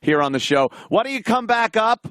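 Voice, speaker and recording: A man's voice: high voice, very animated, brisk, a bit bright, no echo, clean studio sound. A man hosting a radio show, reacting with easy laughs and short remarks. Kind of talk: casual radio chat.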